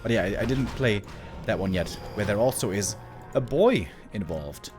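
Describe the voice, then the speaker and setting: A man calling an esports match live in a relaxed, chatty way. He gasps and exclaims at the big moments, then wanders off into easygoing side talk with the viewers. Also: fairly low pitch, moderate pace, soft background music. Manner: chatty, exclaiming at plays, drifts into asides to chat. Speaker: esports caster. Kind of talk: live game commentary.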